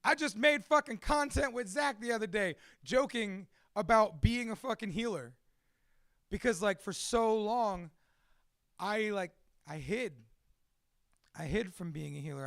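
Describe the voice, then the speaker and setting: A man's voice: high voice, a little slow, gravelly, a bit bright, no echo, studio quality. A man giving a blunt, candid talk to a live audience, swearing constantly as he speaks. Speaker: speaker at a live storytelling event.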